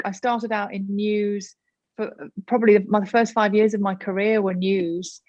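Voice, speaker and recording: A woman's voice: mid-range voice, no room sound. Woman on a panel chatting openly, dull muffled dry audio. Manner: chatty and candid. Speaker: panel guest, broadcaster. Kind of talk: casual panel talk.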